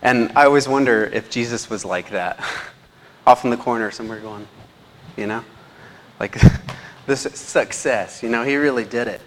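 A man's voice: medium pitch, moderate pace, long pauses. A man who is a teacher, giving a casual slide presentation and checking in with his listeners often. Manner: chatty, checks in with the audience a lot. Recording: long hall reverb, faint background noise.

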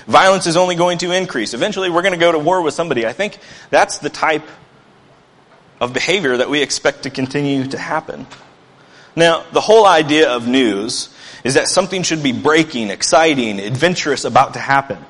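A man's voice: mid-range voice, a bit bright, in a large hall. A man preaching a sermon as pastor, earnest and building to emphatic bursts.

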